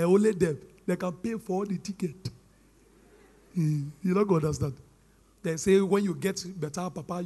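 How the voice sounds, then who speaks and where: Nigerian comedian guy, real high voice, loud animated storytelling, shouts the punchlines. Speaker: stand-up comedian. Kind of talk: stand-up comedy in a church.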